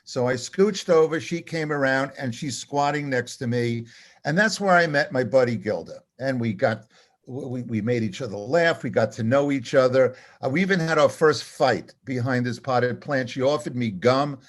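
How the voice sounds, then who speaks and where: An older man, a comedy writer, telling an animated, self-deprecating anecdote and acting out the dialogue. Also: medium pitch, normal speed. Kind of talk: storytelling anecdote.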